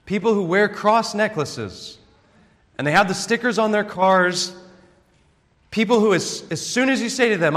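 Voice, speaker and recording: A man's voice: high voice, normal speed, a bit bright. A man preaching an expository sermon in an earnest teaching tone, often checking in with rhetorical questions. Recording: long hall reverb.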